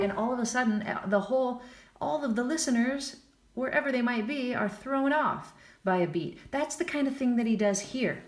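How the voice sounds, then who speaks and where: Speaking at an ordinary pace in a higher register, a woman runs an informal jazz piano lesson where she counts aloud, scats and drops chatty jokes at her own expense. She's a piano teacher recorded in an echoing room with a piano, which plays under her voice.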